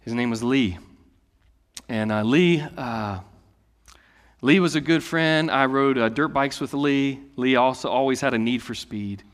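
A pastor in his late thirties preaches with an easy, conversational delivery, rising to loud declarations and dropping to hushed asides. His voice sits at an ordinary male pitch. It rings through a hall with a long reverb tail. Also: a little slow. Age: late 30s. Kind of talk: sermon.

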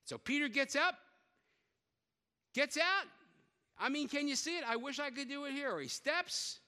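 A high, very bright man preaches with a lively, swinging pitch, acting out voices and teasing the congregation. His voice rings with the long reverb of a large hall. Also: normal speed, long pauses. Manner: lively storytelling, acting out quotes, joking with the congregation. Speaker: pastor. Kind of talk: sermon.

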